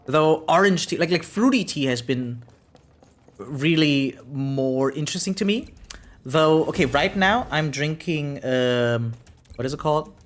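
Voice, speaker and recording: A man's voice: on the high side, expressive, a little slow. Chatty German-accented man streaming. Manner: rambling, chatty, frequent "right?" tags. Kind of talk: casual live-stream chat while gaming.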